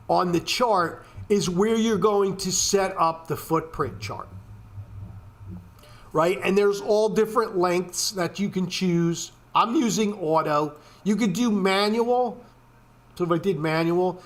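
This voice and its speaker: This man's voice sits high with a fairly bright tone. As a trading video host, he walks through charts on a casual screen-share, cursing a lot and padding his rant with fillers.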